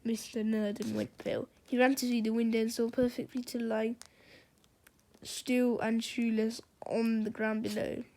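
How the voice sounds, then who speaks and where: A woman reading a children's storybook aloud, in a gentle read-aloud manner. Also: fairly high pitch, flat delivery, moderate pace, a little hiss or hum.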